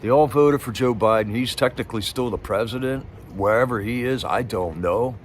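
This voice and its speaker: A man hosts a live stream and talks loosely with many restarts. His asides are sarcastic, and his voice sits at an ordinary middle pitch. A faint hum of noise runs underneath. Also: moderate pace. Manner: rambling, sarcastic, with frequent restarts. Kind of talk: casual rambling chat.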